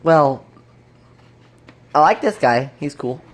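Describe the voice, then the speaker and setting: A woman voices toy birds in a homemade play, speaking slowly in a lowish voice. Her pitch swings up and down a lot as she plays the scenes. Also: lively intonation. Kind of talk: toy play voicing bird figures.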